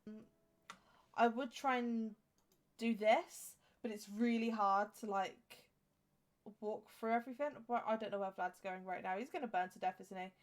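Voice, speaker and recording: A woman's voice: medium pitch, normal speed. A woman in her twenties with an English accent, giving rambling, chatty commentary over a game with many fillers and restarts. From England. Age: 20s. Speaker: game streamer. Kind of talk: casual gameplay commentary.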